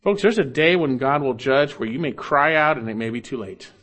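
Male pastor, expository sermon, earnest delivery with loud peaks and quiet drops. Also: a little fast. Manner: earnest preaching, rising loud on scripture quotes then dropping low.

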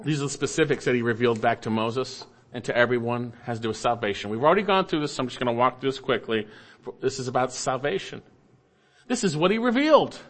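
A man preaching a sermon, explaining scripture verse by verse and swinging between emphatic rises and quiet low endings. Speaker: pastor.

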